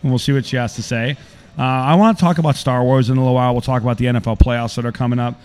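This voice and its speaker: A middle-aged man hosting a casual podcast, telling a story with animated acted-out quotes. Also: mid-range voice, very fast, clean tone. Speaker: podcast host.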